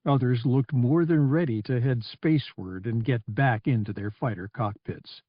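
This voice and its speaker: A man narrating an audiobook with an even, descriptive delivery at a mid pitch. The sound is dry and a little dull, with no room around it. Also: moderate pace, dry recording.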